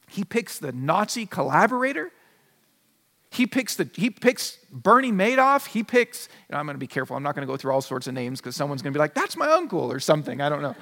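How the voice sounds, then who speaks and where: A pastor preaches in a casual, conversational way, slipping into quick imagined exchanges to make a point. His voice sits fairly high for a man. The sound carries a long reverb from the church hall. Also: a bit bright. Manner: conversational preaching, acts out little dialogues. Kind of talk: sermon. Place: church sanctuary.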